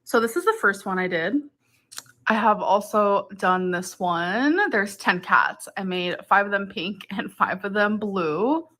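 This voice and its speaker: A woman's voice: mid-range voice, animated, measured pace, pushed and bright. A woman talking through a shopping haul in a vlog, chatty and upbeat, with lots of "like". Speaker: vlogger.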